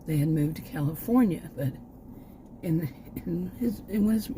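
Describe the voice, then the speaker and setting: A woman's voice: fairly low pitch, expressive, normal speed, background noise. An older woman from Texas, talking in a rambling, casual vlog with many restarts and asides, a little short of breath. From Texas, United States. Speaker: vlogger. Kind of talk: casual personal vlog talk.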